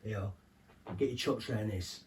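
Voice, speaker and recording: A man's voice: fairly low pitch, measured pace, far from the mic, background noise, lightly acted. An actor playing a middle-aged, bitter former henchman who rambles on in sardonic, confiding asides. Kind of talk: audio drama monologue.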